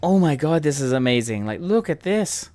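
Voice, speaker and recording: Excitable man gushing over a game. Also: fairly high pitch, normal speed. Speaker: gamer streamer. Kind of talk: casual gameplay commentary. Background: game music.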